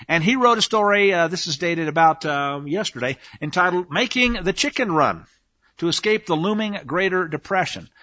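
A man's voice: sits high, lively intonation, normal speed, bright, forceful tone, dry recording, lo-fi sound. A man hosting a talk radio show in a rambling, emphatic monologue, with frequent restarts. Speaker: radio host.

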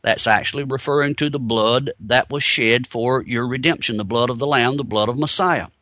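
A man's voice: mid-range voice, moderate pace, sharp tone, no echo. A man giving a teaching sermon, explaining points step by step and asking rhetorical questions. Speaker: Bible teacher.

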